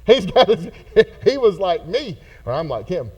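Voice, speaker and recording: Folksy male pastor, high voice, lively teaching in a church hall. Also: unhurried. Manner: folksy, animated, acts out characters. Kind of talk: casual Bible study teaching.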